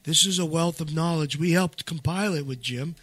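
A man's voice: on the high side, fairly quick, fairly bright tone, dry recording. A man leading seminars who talks in a rambling way, full of restarts and fillers, and pushes hard on his main points. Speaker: seminar leader and co-author. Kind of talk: casual promotional chat.

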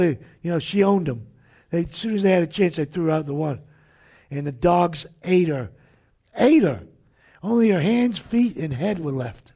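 A man with a high, husky voice rants through a religious talk broadcast. He sounds combative and fiery, like a preacher scolding his enemies, and throws in sudden shouted jabs. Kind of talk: ranting preacher-style talk.

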